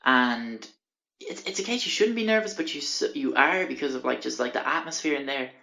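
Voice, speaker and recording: A man's voice: mid-range voice, animated, a little fast, creaky, bright, forceful tone. A young man in his twenties rambling through a sweary anecdote on his podcast, recorded in a small bathroom on a handheld music player. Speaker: podcast host. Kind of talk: casual anecdote.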